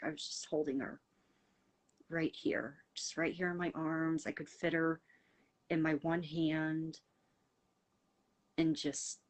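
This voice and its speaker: Low-voiced woman rambling on a livestream. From United States. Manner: rambling and heartfelt, full of fillers, answering viewer comments. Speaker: livestream host. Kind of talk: casual livestream chat.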